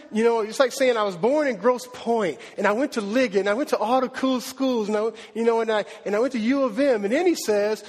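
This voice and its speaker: A man preaching a sermon in a conversational, slangy way, building to animated emphasis in a large hall. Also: sits high. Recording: long hall reverb.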